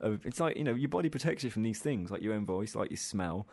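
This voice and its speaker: A man's voice: fairly low pitch, expressive, fast talker, creaky, a little mellow. A man co-hosting a casual podcast, rambling, self-mocking and full of ums and little laughs. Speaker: podcast co-host. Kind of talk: casual chat.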